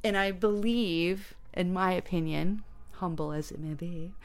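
A woman chatting as a guest about the stage show she created, rambling and animated. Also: fairly low pitch, measured pace. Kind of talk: casual interview chat.

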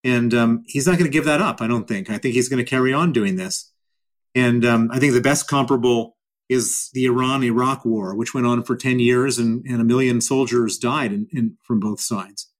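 A man's voice: mid-range voice, normal speed. A middle-aged man answering interview questions in a blunt, emphatic way, repeating phrases for stress. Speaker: guest.

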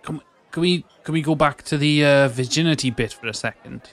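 A man's voice: on the high side, brisk, fairly bright tone, a faint crowd. A man playing a tabletop game, joking in a bawdy way. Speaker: player. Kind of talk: in-character tabletop role-play.

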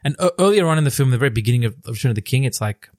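A man's voice: mid-range voice, no room sound, studio quality. A man chatting casually as a podcast co-host, eagerly retelling film scenes. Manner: fast, animated retelling of scenes.

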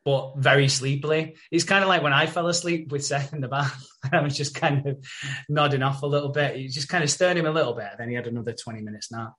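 A man's voice: fairly high pitch, fairly bright tone. Guy recapping a tv episode on a podcast, chatty, laughs a lot, swears, lots of uhs. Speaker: podcast host.

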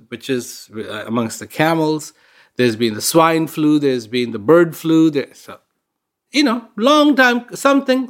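A man giving an inspirational talk, telling stories in a conversational way and repeating words for emphasis. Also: on the high side. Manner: conversational storyteller with fillers. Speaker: speaker giving a reflective talk.

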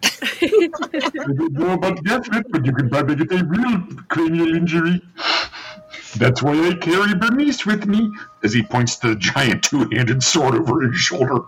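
A man's voice: fairly high pitch, very animated, normal speed, low-quality recording. A man playing a tabletop game in character, making dry, teasing jokes. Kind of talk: in-character tabletop role-play.

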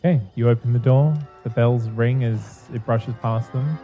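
A man narrating a tabletop game as game master, relaxed and descriptive. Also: medium pitch, normal speed, lo-fi sound, soft background music.

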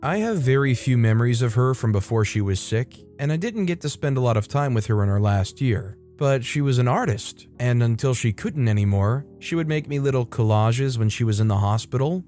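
Man reading stories over soft music. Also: mid-range voice, normal speed, hardly any pauses. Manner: steady, conversational reading with brief personal comments. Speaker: narrator of online stories. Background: faint background music.

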